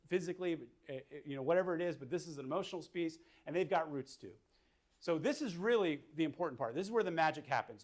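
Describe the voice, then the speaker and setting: Fairly high-voiced male counselor, relaxed lecture style, talks through ideas as he sketches. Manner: casual, thinking aloud with fillers. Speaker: mental health counselor. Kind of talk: whiteboard lecture.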